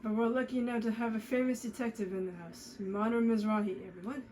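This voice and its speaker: A woman's voice: a little high, fairly even intonation, fast talker, dark tone, slight background noise, lightly acted, rough recording. A woman voicing a smug, needling man with a drunken slur as she reads a mystery game aloud. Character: smug tipsy-sounding man, needling host.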